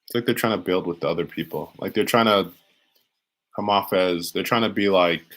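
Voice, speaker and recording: A man's voice: low-pitched, fairly quick, a bit bright, low-quality recording. A man giving a live-streamed tarot reading in a casual, rambling way, restarting and repeating phrases as he talks. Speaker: tarot reader.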